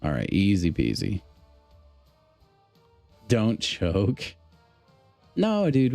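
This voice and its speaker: A man's voice: mid-range voice, huge pitch swings, slow pace, long pauses, warm tone, no room sound, faint music behind. A man livestreaming a mobile game, chatting casually and upbeat to his viewers. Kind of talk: casual gameplay commentary.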